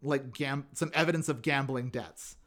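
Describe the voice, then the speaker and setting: A man's voice: mid-range voice, moderate pace. A man co-hosting a podcast, casually recapping a TV episode and acting out the characters' lines in funny voices. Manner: animated retelling, acts out quotes in funny voices. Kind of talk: casual chat.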